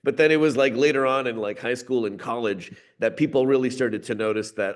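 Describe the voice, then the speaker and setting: Easygoing voice actor guest, middle pitch. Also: male voice, brisk, few pauses. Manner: easygoing, joking. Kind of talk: casual interview.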